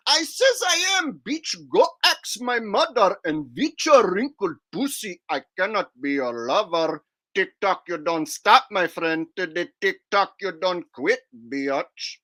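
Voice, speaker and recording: A man's voice: bright, forceful tone, full character voice. A man rapping in a put-on Indian accent as a brash young rapper, in a comic song parody. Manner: rhythmic rapping, high and emphatic.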